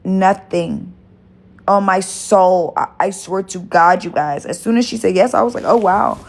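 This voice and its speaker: A woman hosting a livestream tells her viewers a rambling, gossipy story, swearing emphatically and stressing her words. Her voice is fairly low, unhurried, and a little mellow.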